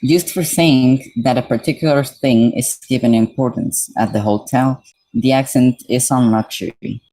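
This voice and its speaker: A man's voice: medium pitch, fairly even intonation, moderate pace, dark tone, poor audio. A man from Mexico streaming live, reading dictionary definitions aloud and breaking off to chat casually with his viewers.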